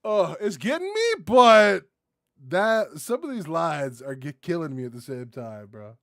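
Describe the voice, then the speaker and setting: A man doing casual reaction commentary, rambling and excitable, swearing freely and tossing in dude and bro. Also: on the high side, a little slow, creaky. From United States. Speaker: reaction video host.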